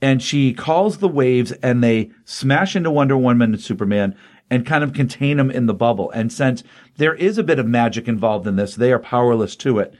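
A man in the middle range of pitch, talking through a comic book plot in a relaxed, rambling way. He gets excited about the cool parts and fills the gaps with ums and you-knows. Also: fairly quick. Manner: enthusiastic, rambling retelling with fillers and paraphrased quotes. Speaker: podcast co-host recapping comics. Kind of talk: casual comic book recap.

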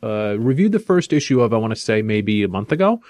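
A man casually summarizing a comic book's story as a podcast co-host, steady and clear. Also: lowish voice, fairly quick, no room sound, studio quality. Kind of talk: casual chat, comic review.

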